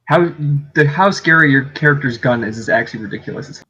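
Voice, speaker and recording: A man's voice: medium pitch, animated, a little fast, sharp tone. Wisecracking guy player, mid voice, muffled lo-fi mic. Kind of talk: casual game chat. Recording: dull lo-fi mic.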